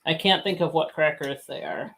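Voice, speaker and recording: A woman's voice: low-pitched, normal speed, fairly bright tone. A woman co-hosting a snack tasting show, talking casually and repeating herself as she starts sentences. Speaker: snack review show co-host.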